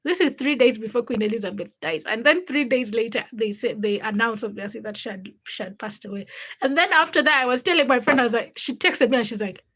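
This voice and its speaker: A young woman with a fairly high voice chats away on her live stream. She laughs often and greets her viewers one by one in a loose, easygoing way. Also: fast, a bit bright, slightly rough, poor audio. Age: young adult. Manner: chatty, laughs often, greets commenters by name. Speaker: livestream host.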